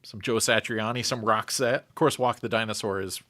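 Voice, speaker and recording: A man's voice: lowish voice, fairly even intonation, normal speed, pushed and bright, no room sound. A man co-hosting a podcast, chatting eagerly about film trivia and soundtracks. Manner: enthusiastic, trivia-heavy film talk. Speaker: podcast co-host. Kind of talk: casual chat.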